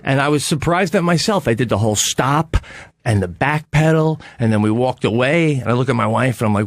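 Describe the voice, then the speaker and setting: A man's voice: mid-range voice, fast talker, no room sound, studio quality. A man telling a long camping story in casual, profane talk on a radio show, acting out the people in it. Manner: animated, profane anecdote telling with quoted voices.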